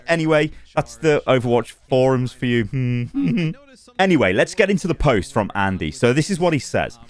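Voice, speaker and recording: A man hosting a casual gaming news channel, chatty and animated, laughing at his own asides. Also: medium pitch, fairly quick.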